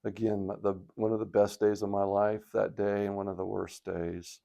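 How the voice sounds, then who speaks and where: An older man in retirement telling a personal story on his video blog, reflective and halting with a touch of emotion, sitting by a fire at home. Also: on the low side, little pitch movement, gravelly, warm tone. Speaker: vlogger. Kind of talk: casual storytelling. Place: indoors by a fireplace at home.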